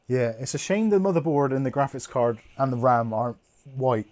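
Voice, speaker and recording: A man's voice: medium pitch, lively intonation, fairly quick, a little mellow. A man hosting a live stream, chatting casually and swearing as he works through a build at home. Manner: chatty, swearing, laughing at himself. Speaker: host.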